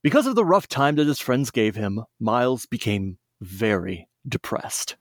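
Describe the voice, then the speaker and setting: A man's voice: mid-range voice, big pitch swings, unhurried, no room sound, clean studio sound. A man who co-hosts a podcast, reading a children's story aloud in a playful way and chatting casually. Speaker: podcast co-host.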